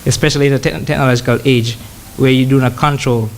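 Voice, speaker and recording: A man giving a conversational sermon who pauses often, repeats words and slows down to read scripture. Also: mid-range voice, steady tone, slight background noise. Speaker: church brother preaching.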